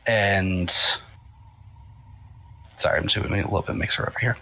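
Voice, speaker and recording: A man with a lowish voice serves as game master for a tabletop game. He narrates loosely, with plenty of fillers and restarts. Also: moderate pace, gravelly, rough recording. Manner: relaxed, filler-heavy narration.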